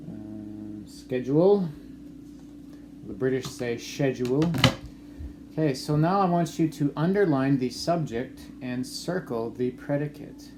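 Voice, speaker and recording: A male teacher from Canada leads a dictation lesson, speaking in an even, middle-pitched voice and reading each sentence slowly and clearly, more than once. A steady hiss of noise sits under the recording. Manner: slow, clearly dictated phrasing, repeating sentences.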